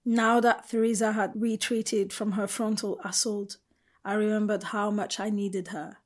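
A woman's voice: medium pitch, level tone, a little slow. Woman narrating a first-person audiobook.

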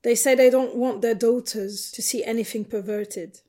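A woman's voice: fairly high pitch, steady tone, normal speed, dark tone, lightly acted. A woman reading the part of Jan, a blunt, bitter butch woman in her forties, in a storybook narration. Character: Jan, a weary 44-year-old butch woman.

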